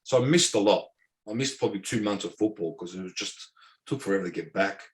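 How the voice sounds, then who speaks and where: Brief: middle-aged Australian ex-footballer, low-ish voice, rambling anecdotes full of fillers. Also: male voice, quick pace. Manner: rambling, repeats words, many fillers. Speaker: former professional footballer, guest. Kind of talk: casual interview storytelling.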